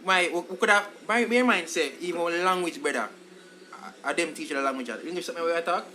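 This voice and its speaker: A man's voice: fairly high pitch, a little hiss or hum. A Jamaican man co-hosting a podcast, talking patois and calling people "brother" and "G". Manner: fast, bright, patois, says "brother" and "G". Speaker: podcast co-host. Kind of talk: casual chat.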